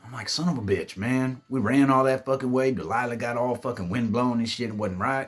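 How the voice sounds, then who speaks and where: Over faint background music, a man with a husky mid-range voice tells a spooky party tale fairly quickly. He keeps it laid-back and drawling, curses a lot, and performs the quotes from his friends.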